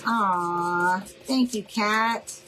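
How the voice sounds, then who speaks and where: A woman's voice: medium pitch, very slow, sharp tone, soft background music, rough recording. A middle-aged woman hosting a casual live crafting demo, chatty and friendly, calling her viewers y'all. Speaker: craft tutorial host.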